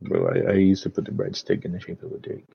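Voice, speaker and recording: A man's voice: deep voice, completely flat delivery, quick pace, gravelly, slightly rough, no room sound. A man as a podcast guest in casual chat, laid-back and saying "bro" constantly. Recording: dull dry lo-fi sound.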